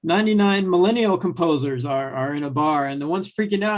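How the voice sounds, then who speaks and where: A man telling pun jokes in an improv round over a video call. He talks in a casual, slightly apologetic way, his voice sitting a little high. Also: fairly quick, few pauses. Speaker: improv player.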